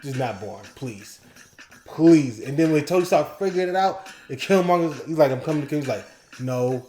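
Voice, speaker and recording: A man co-hosting a casual talk show, ranking episodes and excitedly quoting scenes in animated bursts. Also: on the high side, brisk, reverberant. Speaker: podcast co-host.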